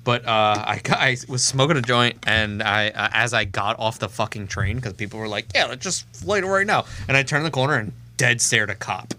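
A man's voice: fairly low pitch, fairly even intonation, normal speed, few pauses, pushed and bright. A young man hosting a podcast, telling profane, laid-back stories in casual chat. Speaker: podcast host.

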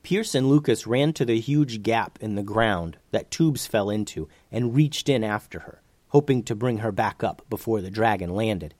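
A man reading a children's fantasy story aloud as narrator, in an expressive, animated way. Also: fairly low pitch, moderate pace, hardly any pauses, dry recording.

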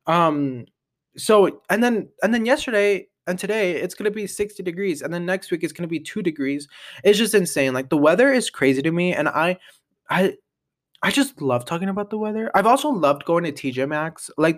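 Chatty young man with a high-set voice. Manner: rambling, chatty, heavy use of "like", many restarts. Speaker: podcast host. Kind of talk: casual solo podcast chat.

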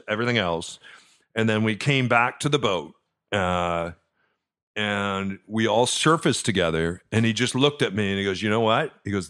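A middle-aged man hosting a podcast, telling a personal story in a chatty way, stumbling over repeated words and dropping soft and low at the tender parts. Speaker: podcast host. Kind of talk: casual storytelling.

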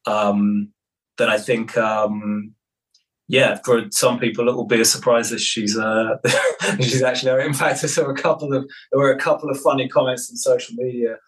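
Director guy chatting, mid-pitched, lots of ums and restarts. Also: moderate pace, rough recording. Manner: relaxed, hesitant, many fillers and restarts. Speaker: film director. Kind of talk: casual interview chat.

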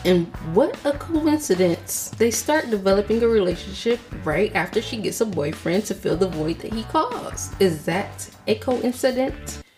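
A woman with a middle-pitched voice talks through a film on her own podcast, sassy and sarcastic. She throws in dramatic asides and teasing rhetorical questions, with faint music underneath. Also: darkish tone. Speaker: podcast host reviewing a film. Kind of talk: sassy solo film commentary.

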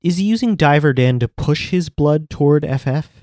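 A man's voice: fairly high pitch, animated, normal speed, a little mellow, no room sound, studio quality. A man co-hosting a casual chat, laid-back and asking questions. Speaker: podcast co-host.

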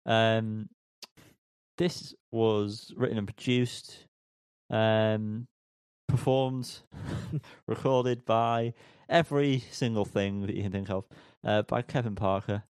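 A man's voice: fairly low pitch, fairly even intonation, takes it slowly, darkish tone, smooth, no room sound. A man co-hosting a podcast in casual chat, rambling with many ums and teasing himself. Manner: rambling, self-mocking, lots of ums. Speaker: podcast co-host.

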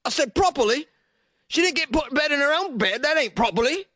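A man's voice: lively intonation, brisk, sharp tone, dry recording, studio quality, exaggerated voice. A man voicing an exasperated working-class English son, in a put-on English accent, indignant and raised. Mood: outraged. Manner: raised, indignant, rising pitch.

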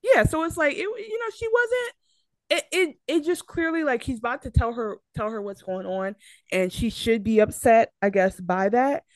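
Her voice sits on the high side with lively intonation and a moderate pace, and the recording has no room sound. A young woman co-hosting a podcast, she argues her point animatedly in casual chat, stumbling through fillers and restarts.

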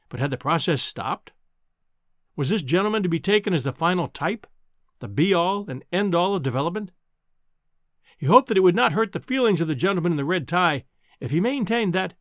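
A man narrating a classic novel in a measured, expressive audiobook style. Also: high voice, no echo, studio quality. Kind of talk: audiobook storytelling.

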